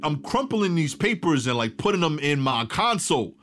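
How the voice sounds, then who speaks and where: A young man telling a funny personal anecdote in casual slang, animated with sharp comic timing. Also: fairly high pitch, moderate pace. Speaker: storyteller. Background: guitar music.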